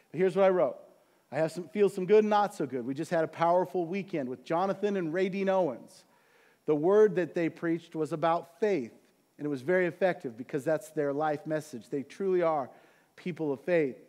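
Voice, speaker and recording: A middle-aged man preaching to his congregation, talking casually and asking them questions along the way. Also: high voice. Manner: conversational, animated preaching with asides to the congregation. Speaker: pastor. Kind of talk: sermon.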